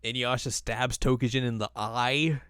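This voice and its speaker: A young man recaps an anime episode in a loose, joking podcast chat, tossing in quick voices. His voice is smooth and clear at an ordinary pitch. The sound is dry and close to the mic. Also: steady tone, fairly bright tone, no room sound. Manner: rambling, jokey retelling with quick put-on voices. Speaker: podcast co-host.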